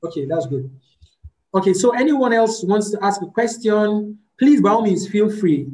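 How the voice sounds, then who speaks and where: A woman's voice: mid-range voice, expressive, normal speed, dark tone, rough recording. Woman teaching with repeated emphasis. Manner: practical, repeats words for emphasis. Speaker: teacher leading a group session on fasting. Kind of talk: teaching and answering questions.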